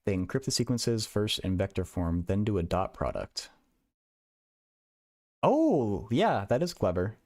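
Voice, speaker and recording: A man's voice: lowish voice, sing-song, a little slow, long pauses, darkish tone, no echo, studio quality. A young man hosting a casual livestream, thinking aloud in a rambling way with many stammered restarts. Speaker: livestream host.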